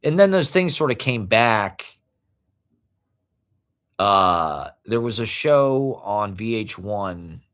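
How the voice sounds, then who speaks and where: Male podcast host, slow deliberate rant, low voice, rambling and profane. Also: big pitch swings, a bit bright. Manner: rambling, heavy fillers, profane. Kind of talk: casual monologue rant.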